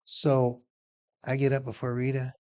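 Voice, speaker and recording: A man's voice: mid-range voice, completely flat delivery, measured pace, a little mellow. An older man, co-hosting a local talk show in a folksy, storytelling manner. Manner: folksy, storytelling, repeats words. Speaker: co-host.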